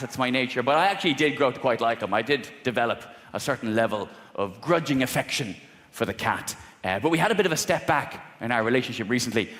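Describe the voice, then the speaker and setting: A man performing stand-up on a theatre stage, telling his story with sudden jumps in pitch and volume. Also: expressive, fast talker, fairly bright tone. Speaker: stand-up comedian. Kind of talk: stand-up comedy set. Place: large theatre stage before a live audience. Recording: roomy, noisy theatre recording with long reverb.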